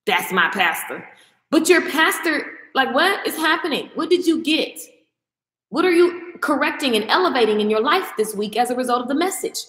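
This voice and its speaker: A woman's voice: sits high, fairly bright tone. A woman vlogger delivering an emphatic, preachy rant to her viewers, dropping into mocking quoted asides. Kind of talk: passionate rant to camera. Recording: echoey room with long reverb.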